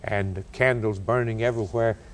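A man preaching a sermon, telling stories dramatically and building cadenced lists, with big swings in pitch and pace. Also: fairly even intonation, a little fast.

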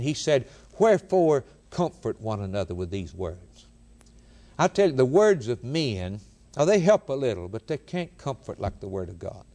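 Male preacher, sermon delivery, animated pitch, repeats phrases, earnest build and drop. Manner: earnest preaching, rising to emphatic peaks and dropping low on key lines.

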